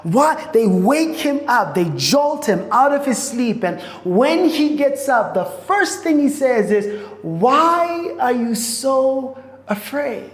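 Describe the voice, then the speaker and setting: A woman pastor preaching a sermon in a church auditorium. She speaks in slow, repeated phrases and often restarts her sentences. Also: on the high side, very animated. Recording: echoey hall with long reverb.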